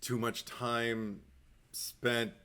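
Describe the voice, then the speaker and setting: A man co-hosting a podcast in casual chat, talking haltingly with many fillers and restarts and laughing often. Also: mid-range voice, little pitch movement, sharp tone, smooth. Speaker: podcast co-host.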